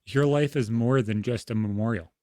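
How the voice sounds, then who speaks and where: Young man, podcast co-host, blunt and profane storyteller, dry close mic, mid pitch. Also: moderate pace, dark tone, no room sound. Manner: frank, heavy swearing, storytelling. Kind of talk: casual podcast conversation.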